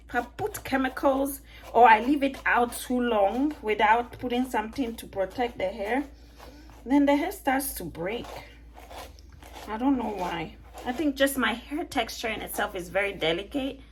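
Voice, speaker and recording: A young woman vlogger talking in a relaxed, chatty way, laughing easily as she goes. Her voice sits a little on the high side. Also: slight background noise. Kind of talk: casual chat.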